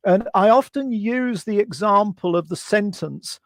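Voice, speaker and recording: High-voiced man giving a webinar. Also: unhurried, hardly any pauses, dry recording. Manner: structured, rhetorical questions to the audience. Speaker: webinar presenter. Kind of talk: webinar presentation.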